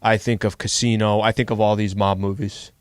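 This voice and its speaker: A male radio host with dry humor in relaxed studio chat. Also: lowish voice, brisk, no echo.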